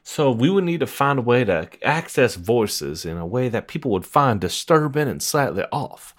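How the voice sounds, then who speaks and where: A man's voice: mid-range voice, big pitch swings, moderate pace. A man from Iowa co-hosting a comedy podcast, goofy and laughing through casual chat. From Iowa, USA. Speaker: podcast co-host and editor.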